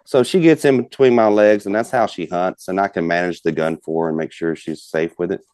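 Talking a little fast in a low, slightly mellow, clean voice, a guest hunter rambles through a long hunting tale. It's folksy storytelling packed with fillers like "you know", recorded close and dry.

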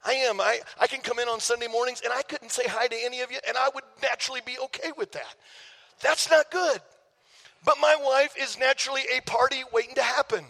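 A man's voice: very high-pitched, steady tone, quick pace, gravelly, few pauses, sharp tone, in a large hall. A male pastor preaching a sermon in a conversational, emphatic way, often repeating words as he goes. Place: church sanctuary.

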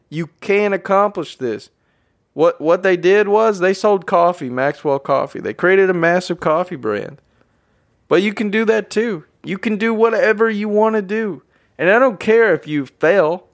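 A man hosting a motivational podcast, talking energetically and repeating phrases for emphasis while addressing his listeners as guys. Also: a little high. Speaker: podcast host. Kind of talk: motivational monologue.

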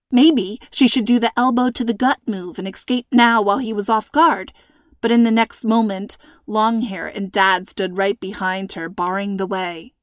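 A woman narrating a story in an expressive, tense reading. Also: mid-range voice, no echo, studio quality.

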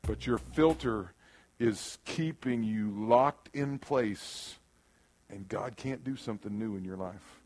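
Speaking slowly in a lowish voice, this pastor delivers a sermon in a church room. His delivery alternates between loud bursts and quiet earnestness, and he acts out quoted voices.

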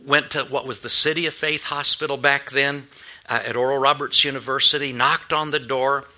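A man's voice: medium pitch, fairly even intonation, normal speed, pushed and bright. A male pastor telling a personal story in a sermon, earnest and anecdotal, with many restarts and fillers.

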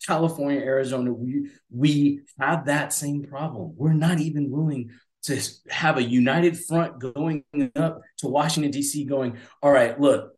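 A man's voice: mid-range voice, normal speed. Man, forties, casual political chat, rambling, roomy echo. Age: 40s. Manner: animated, rambling, acts out voices. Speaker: podcast co-host.

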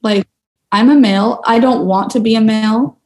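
A woman's voice: a little high, fairly even intonation, normal speed, darkish tone, roomy sound. A woman in her thirties, an interview guest, telling a personal story in an earnest, reflective way with lots of fillers.

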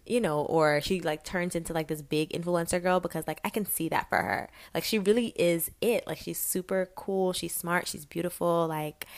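A young woman vlogging in a chatty, enthusiastic way, full of fillers as she recommends small businesses. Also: lowish voice. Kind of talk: casual chat to camera.

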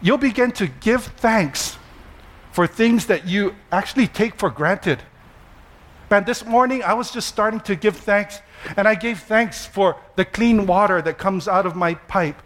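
A man pastor, preaching a sermon with animated storytelling, self-deprecating humor and slow emphatic repetition. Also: high voice.

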